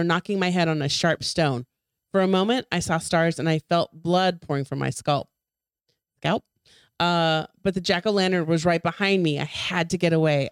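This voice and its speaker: A woman reads a spooky tale aloud with dramatic flair, her voice smooth and resonant. It is recorded close and dry, with almost no room sound. She stumbles now and then and picks the line back up. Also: fairly low pitch, no echo. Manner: dramatic reading with small stumbles. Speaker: podcast co-host. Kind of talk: reading a ghost story aloud.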